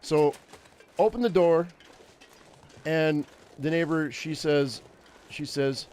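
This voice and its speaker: A man's voice: a little high, slow pace, a little mellow. A man in his fifties, a game streamer telling a rambling personal story in casual chat. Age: 50s. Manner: rambling, chatty anecdote-teller.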